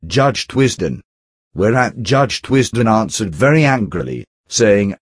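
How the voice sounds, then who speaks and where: A man giving a steady, measured narrated reading of an old text, reading out the speaker tags. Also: lowish voice, slightly rough, no room sound, studio quality. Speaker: audiobook reader.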